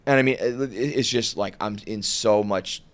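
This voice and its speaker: A man's voice: fairly low pitch, moderate pace. A young man telling a long, rambling story on a podcast, full of "like" and laughing at his own tale.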